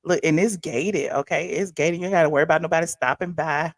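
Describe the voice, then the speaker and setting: A woman hosting a casual live-stream commentary, animated and excitable, chatting with her viewers in asides. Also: low voice, fast talker, no echo, clean studio sound. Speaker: commentary channel host.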